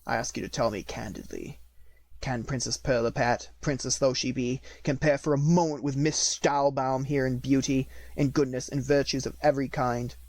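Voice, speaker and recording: A man's voice: medium pitch, steady tone, moderate pace, darkish tone, close to an everyday voice. A man reading an audiobook, voicing a courtly young nutcracker prince who speaks formally and earnestly. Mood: solemn.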